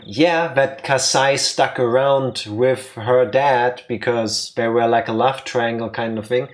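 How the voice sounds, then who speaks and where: Chatty man thinking out loud. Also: medium pitch, slow pace. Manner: chatty, thinks aloud with restarts. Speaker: let's play co-host. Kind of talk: casual chat while playing.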